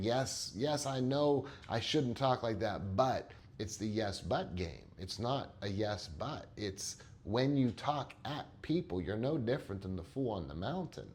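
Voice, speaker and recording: A man with a fairly low voice talks earnestly as a therapist recounting a session. His delivery is conversational, and he doubles up words as he starts each point. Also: animated, unhurried, hardly any pauses, a little mellow. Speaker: therapist and coach. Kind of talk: storytelling monologue.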